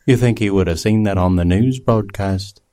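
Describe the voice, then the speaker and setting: A man's voice: on the low side, normal speed, a crowd in the background, lightly acted. A man doing a comic impression of a famous drummer, telling a story in a chatty, mock-earnest way with little asides. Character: impression of a famous British drummer reciting a plot summary. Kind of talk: comedy podcast impression.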